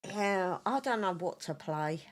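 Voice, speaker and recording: A woman with a notably low voice co-hosts a podcast in an easygoing, chatty way. Her remarks come in short, relaxed bursts. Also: unhurried. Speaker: podcast co-host. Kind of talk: casual chat.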